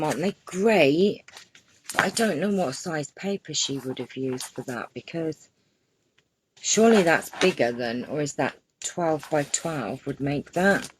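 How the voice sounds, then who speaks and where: A woman's voice: deep voice, noisy background. Chatty woman on a craft live stream. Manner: chatty, greets viewers by name, gushes over gifts. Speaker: crafting channel host. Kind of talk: casual live-stream chat.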